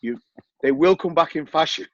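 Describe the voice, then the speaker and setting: A man's voice: on the high side, normal speed, dry recording. Man, English accent, casual chat, repeats himself for emphasis, dry muffled call audio. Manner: chatty, repeats phrases for emphasis. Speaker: coaching client giving a testimonial.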